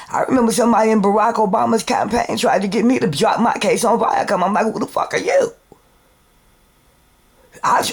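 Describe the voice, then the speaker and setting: Guy ranting on his own show, kinda high voice, rambling and profane, keeps restarting words, gets loud then drops quiet. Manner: repeats words and restarts often; swings between loud and subdued. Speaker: video show host. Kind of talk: unscripted ranting monologue. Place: New York.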